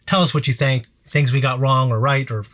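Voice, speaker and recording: A man's voice: mid-range voice, steady tone, brisk, fairly bright tone, slight background noise. A man hosting a casual post-episode reaction discussion, rambling with frequent restarts and casual swearing. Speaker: reaction channel host.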